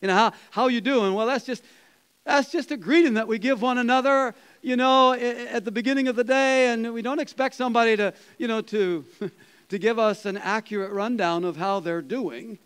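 A man, a pastor, preaching a conversational sermon, chuckling and dropping to soft quoted asides. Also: very high-pitched, normal speed, clear, resonant tone, low-quality recording. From Canada.

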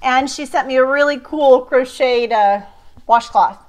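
A woman's voice: high voice, a little slow. A middle-aged woman hosting a card-making vlog, chatting casually and gushing over cards viewers sent her. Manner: gushing, effusive, repeats praise words. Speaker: card-making channel host. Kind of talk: casual crafting vlog chat.

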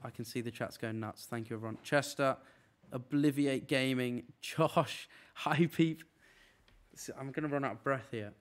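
A young man streaming from a room, chatting casually and rattling off a long list of names. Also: mid-range voice. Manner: rattling off names in a quick run. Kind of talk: casual live-stream chat. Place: apartment room.

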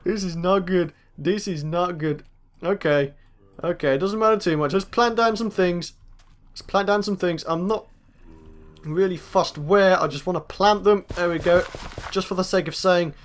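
A young man with a high, slightly bright voice hosts a gaming let's play, chatting to himself as he goes. He taunts the monsters and mobs he comes across.

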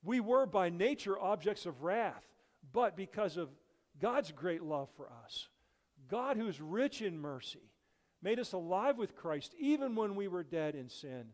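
A man preaching with earnest, swelling emphasis, his fairly high voice carried from a pulpit. A long church reverb trails after each phrase. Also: very animated, a little slow. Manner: earnest, rising and falling emphasis. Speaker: guest preacher. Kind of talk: sermon. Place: church sanctuary.

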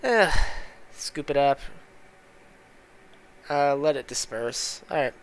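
A man's voice: a little high, animated, slow pace. Exasperated man swearing through gameplay. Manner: profane, exasperated muttering. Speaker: gaming channel host. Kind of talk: casual gameplay commentary.

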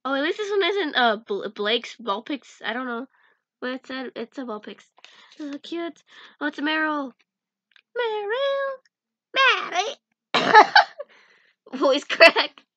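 A woman's voice: sits high, expressive, moderate pace, a bit bright, dry recording. A young woman chatting casually in a vlog as she sorts through cards, giggling and mumbling names to herself. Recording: dull lo-fi sound.

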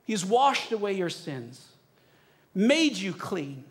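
A male pastor preaching in a church with a notably high voice. He urges his congregation to speak along with him, stretching out key phrases and pressing hard on each one. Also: sing-song. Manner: leads the congregation in a call-and-response recitation; emphatic, urging, drawn-out phrasing. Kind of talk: sermon. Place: church sanctuary.

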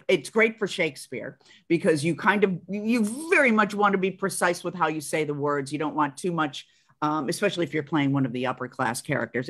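A woman in her sixties with a Chicago accent and a notably low, deep voice. She tells stories in an animated, chatty way, full of ums, uh-s and quick restarts. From Chicago, USA. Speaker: guest actress. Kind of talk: casual interview chat.

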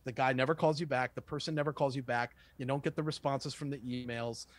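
A man who works as a sales trainer, giving a lively, conversational lesson and acting out sample phone calls. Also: medium pitch, a little fast. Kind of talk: casual instructional talk with role-played calls.

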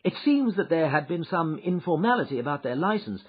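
A man reading an audiobook, voicing a shrewd male detective who recounts his adventure with lively, wry storytelling, on a dull lo-fi recording. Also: on the high side, fairly quick, breathy edge. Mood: amused.

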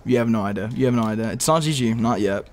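With a medium-pitched voice and a fast way of talking, a young gaming video creator rambles through commentary on his own gameplay, chatting to himself and breaking into fits of exasperation.

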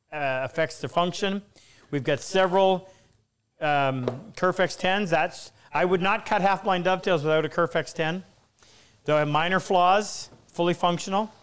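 A man's voice: a little high, fairly bright tone, clean tone. A middle-aged man hosting a live woodworking stream, chatting loosely with frequent restarts. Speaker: host.

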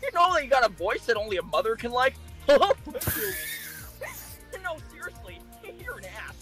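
A man's voice: extremely high pitch, very animated, moderate pace. A man voicing a brash, crude male cartoon hedgehog hero in a goofy parody fan dub. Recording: music playing loudly under the voice.

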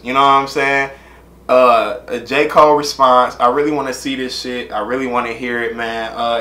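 A man's voice: medium pitch, pushed and bright, echoey room. Slangy man hosting a reaction vlog. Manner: loose, slangy, rambling with constant filler phrases. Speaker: reaction channel host.

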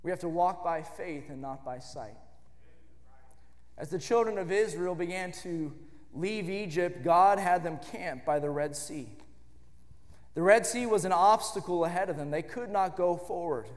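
A man with a strikingly high voice preaches a sermon and builds emphatically into shouted lines. His voice rings with the long reverb of a big church hall. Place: church sanctuary.

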